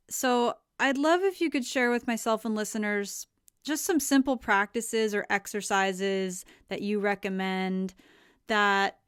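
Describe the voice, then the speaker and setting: A woman hosting a podcast, asking long, thoughtful questions in a measured way. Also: medium pitch, smooth, dry recording, studio quality. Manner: measured, thoughtful phrasing with fillers. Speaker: podcast host. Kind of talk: interview questions.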